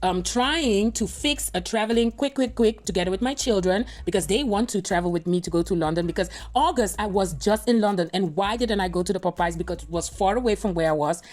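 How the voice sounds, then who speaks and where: A woman's voice: mid-range voice, brisk, few pauses, darkish tone. A woman hosting a reaction video, chatting casually and rambling straight to her viewers. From Europe.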